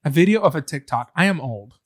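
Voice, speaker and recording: A woman's voice: deep voice, lively intonation, quick pace. A woman co-hosting a podcast in casual chat. She jokes around and laughs often. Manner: playful, jokey, laughs often. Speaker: podcast co-host.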